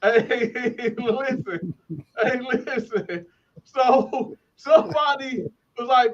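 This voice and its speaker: A man's voice: very high-pitched, extremely slow, lo-fi sound, noisy background. A man from Flint telling stories in a casual way, laughing often and acting out other people's voices. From Flint, Michigan. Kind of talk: casual storytelling.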